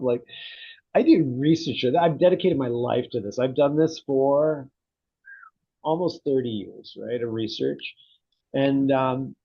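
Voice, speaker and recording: A middle-aged psychotherapy researcher speaks at medium pitch with a creaky, breathy-edged voice, recorded on dull audio. In a conversational interview, he reflects thoughtfully and tells stories with animation.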